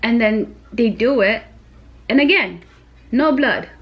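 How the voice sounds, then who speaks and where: A woman's voice: a little high, lively intonation, takes it slowly, muffled recording. A young woman and new mother retelling a stressful story to camera in casual, emphatic vlog style, with many fillers.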